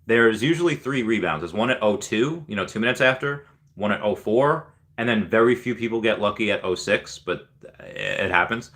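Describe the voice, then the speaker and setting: A man's voice: lowish voice, normal speed, fairly bright tone. A man hosting a casual livestream, reading viewer comments aloud with lots of ums and cheering on the winners. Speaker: livestream host reading chat.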